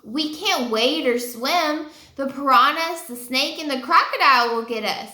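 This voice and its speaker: A woman's voice: high voice, unhurried, sharp tone. A woman voicing a bold young girl in a children's storybook, in an eager, outspoken way. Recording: roomy echo.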